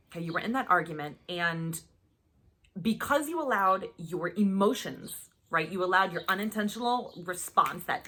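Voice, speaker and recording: Woman, life coach, self-help lesson, chatty, bright, slightly husky voice. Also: lowish voice. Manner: chatty, checks in with "okay?" and "right?" after every point; acts out examples in lively voices. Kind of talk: self-help teaching talk.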